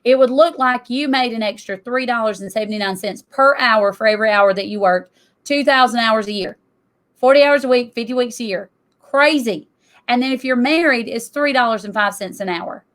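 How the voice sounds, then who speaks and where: Woman, middle-aged, slightly high pitch, energetic emphatic presenter, conversational. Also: fairly quick. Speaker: tax business owner. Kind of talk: presentation to an audience.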